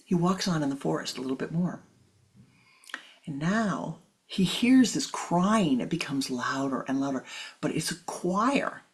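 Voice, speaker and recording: A woman spiritual teacher telling a parable in an expressive storytelling manner. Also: deep voice. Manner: expressive, slow storytelling with acted voices. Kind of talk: storytelling sermon.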